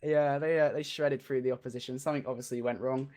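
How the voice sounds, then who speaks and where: A young English man co-casting an esports match, chatty and quick to laugh in rambling asides. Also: medium pitch, steady tone, darkish tone, a little hiss or hum. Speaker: esports caster. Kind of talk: live match commentary.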